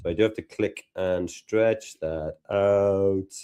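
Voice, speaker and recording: A man with a Liverpool accent presenting a live tutorial in a relaxed, self-deprecating way. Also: sits low, slow, smooth. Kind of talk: casual live tutorial chat.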